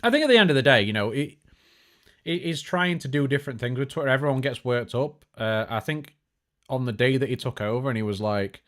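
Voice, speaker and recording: A man's voice: medium pitch, expressive, a little fast, fairly bright tone. Male tech streamer, chatty and jokey, mid-range voice, loose unscripted delivery. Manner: chatty, joking, lots of fillers and restarts. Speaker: tech show host. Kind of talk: casual live-stream chat.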